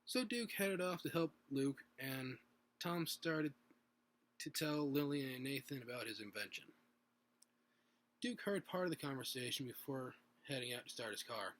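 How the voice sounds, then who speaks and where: A man's voice: medium pitch, expressive, moderate pace, a bit bright. A man reading his own story aloud at home, unpolished, with restarts and little asides.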